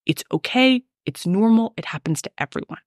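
A woman's voice: mid-range voice, expressive, fairly quick, no echo, clean studio sound. A woman hosting a solo podcast, coaching her listeners in an emphatic, ranty way.

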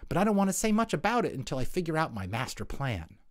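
A man's voice: fairly high pitch, fast talker, dry recording, clean studio sound, voice pushed up. A man voicing a determined, clever young girl rabbit in a storybook. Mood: eager. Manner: calm, confident.

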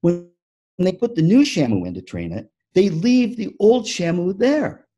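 A man giving a motivational keynote talk on music teaching, an animated storyteller who acts out the story. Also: high voice, moderate pace, husky, muffled recording. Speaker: music education speaker.

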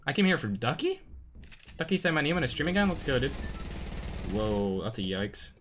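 A young man with a Northern Irish accent streaming a game live, reacting loudly and greeting chat in casual slang. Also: medium pitch, normal speed, slight background noise. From Northern Ireland. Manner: excitable, slangy, swings between loud outbursts and muttering. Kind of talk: live gameplay commentary with chat shout-outs.

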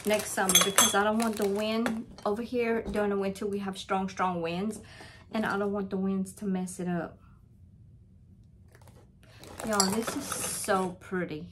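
A woman's voice: medium pitch, fairly even intonation, a little slow, noisy background. A woman, opening birthday mail in a casual vlog, gushing and repeating herself as she talks to viewers. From Louisiana, USA. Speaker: crafting channel vlogger.

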